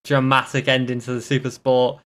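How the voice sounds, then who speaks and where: A man's voice: medium pitch, flat delivery, a little fast, a bit bright. A man hosting a casual motorsport podcast, rambling and tripping over his words. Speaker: podcast host.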